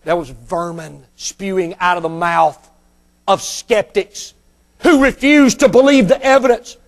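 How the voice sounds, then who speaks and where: A man preaching a sermon who speaks straight to his listeners, repeats phrases for emphasis and builds to shouts on key points. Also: high voice, unhurried, gravelly.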